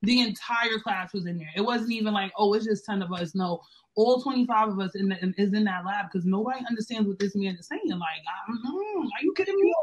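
A young woman co-hosting a casual chat, blunt and profane, swinging between loud outbursts and low muttering. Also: lively intonation, a little fast, low-quality recording. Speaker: co-host.

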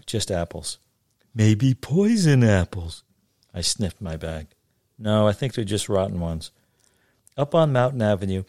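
A man's voice: low voice, a little mellow, no echo. Dry-voiced man telling a childhood story. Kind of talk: told memoir story.

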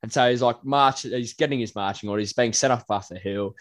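A man's voice: mid-range voice, fairly quick. Young Australian man telling a story. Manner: animated storyteller, voices people in anecdotes. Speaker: podcast co-host. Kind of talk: casual chat.

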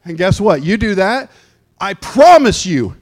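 A man preaches a lively church sermon, telling stories and bursting into excited shouts. His voice sits high for a man. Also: unhurried. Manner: animated, storytelling, breaks into shouted excitement. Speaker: pastor.

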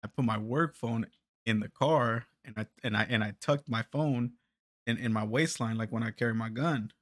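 A man's voice: mid-range voice, moderate pace, a bit bright, no room sound, studio quality. A man telling a story in casual podcast chat, swearing a lot, stammering on repeated words and laughing. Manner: profane, laughing, many restarts and stammers.

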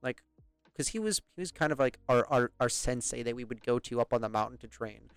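A man's voice: mid-range voice, animated, a little fast, clear, resonant tone, no room sound, soft background music. Young British man, casual storyteller, swears a lot and laughs along, dry close mic. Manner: rambling, profane, laughs often. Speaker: podcast host.

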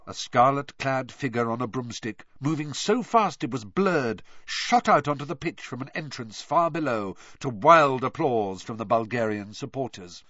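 A man giving an animated, expressive audiobook narration. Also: medium pitch, moderate pace, hardly any pauses, no echo. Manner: animated storytelling. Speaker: audiobook reader. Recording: dull dry lo-fi sound.

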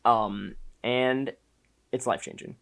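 A young man co-hosting a podcast in casual chat, laid-back and quiet, talking haltingly with fillers. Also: medium pitch, steady tone, creaky, smooth. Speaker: podcast co-host.

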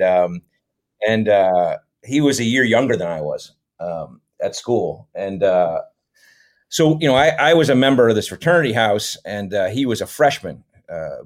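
A middle-aged American man telling stories in a casual interview, rambling with lots of fillers. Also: lowish voice. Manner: relaxed, rambling, many fillers. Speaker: podcast guest, comedy actor.

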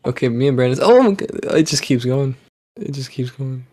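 A man's voice: medium pitch, expressive, brisk, warm tone, dry recording, clean studio sound. A man in a casual podcast chat, joking around and laughing often. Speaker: podcast co-host.

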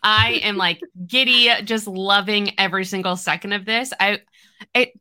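A woman co-hosting a book podcast in a relaxed, casual chat. Her voice is bright and forward, recorded close and dry. She retells scenes eagerly, filling them with "like" and little acted-out lines. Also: mid-range voice, moderate pace, no room sound. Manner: animated retelling of scenes, lots of "like".

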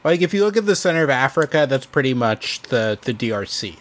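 A man's voice: medium pitch, sing-song, brisk. A man on a casual podcast presenting facts, hesitant with many ums and restarts. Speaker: podcast host presenting research.

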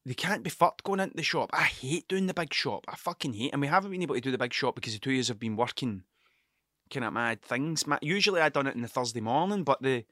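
A man's voice: mid-range voice, lively intonation, fast talker, pushed and bright, dry recording, studio quality. A young man rambling through a casual monologue at home, swearing constantly and mocking himself, hungover and short on sleep. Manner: heavy swearing, restless, self-mocking. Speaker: podcast host. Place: cluttered room at home.

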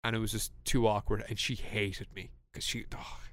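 A young man with an Irish accent, a podcast co-host telling a story in casual chat, animated and laughing, with lots of restarts. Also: fairly low pitch, moderate pace, no echo.

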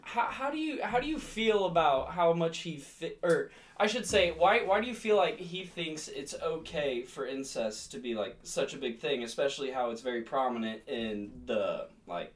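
A man's voice: on the high side, animated, moderate pace, few pauses, distant mic. A man co-hosting a casual podcast chat in a playful, rambling way. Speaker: podcast co-host.

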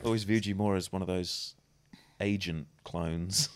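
A man's voice: sits low, fairly even intonation, unhurried. A man co-hosting a podcast, reading articles aloud with dry, wry asides in casual banter.

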